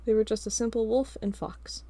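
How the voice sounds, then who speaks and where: A woman narrating an audiobook in a steady storytelling read. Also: fairly high pitch, moderate pace.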